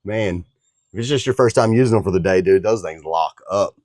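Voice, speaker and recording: A man's voice: low voice, a little fast, darkish tone. A man talking casually to viewers while working on a truck in his home garage, joking as he goes. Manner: joking, laid-back, talks to viewers as guys. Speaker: DIY truck builder. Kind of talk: casual how-to vlog.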